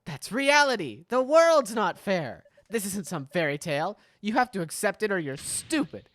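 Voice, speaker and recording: A woman voicing a stern, disapproving parent who lectures in a lower voice, read from a game. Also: sing-song, moderate pace, no echo, clean studio sound, lightly acted. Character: stern, scolding traditional parent.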